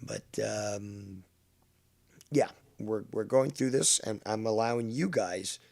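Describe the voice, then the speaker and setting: Low gravelly guy on a stream, blunt, sarcastic, cusses a lot. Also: slow, a little mellow. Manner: blunt, sarcastic, swears often. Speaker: streamer and host. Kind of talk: live stream commentary.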